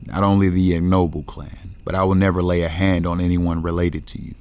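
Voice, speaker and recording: A man's voice: sits low, little pitch movement, brisk, darkish tone, smooth. A man voicing a defeated male swordsman who speaks in a plain, subdued way. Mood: humbled.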